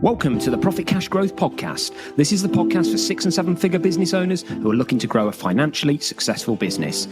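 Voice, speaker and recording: A man's voice: a little high, sing-song, loud music behind the voice. A man hosting a business podcast, chatting in a playful, jokey way with his co-host. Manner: playful, jokey, quick banter. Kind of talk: casual business podcast chat.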